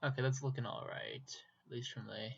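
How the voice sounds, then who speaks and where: A man's voice: mid-range voice, steady tone, a little fast, vocal fry, breathy edge. A young man from Minnesota with a Minnesotan accent, rambling casually to himself while drawing, with self-deprecating asides. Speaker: YouTuber. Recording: dull lo-fi mic.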